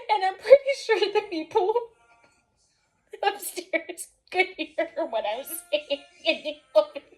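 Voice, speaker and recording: Brief: woman vlogger with a high voice, casual storytime, rambling, lots of "like". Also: unhurried. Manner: rambling, filler-heavy with frequent "like"; animated, laughs often while telling.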